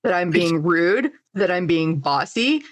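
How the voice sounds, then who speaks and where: A woman's voice: lowish voice, animated, a little slow. A woman hosting an interview podcast, talking in a candid, conversational way. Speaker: podcast host. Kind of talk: casual interview chat.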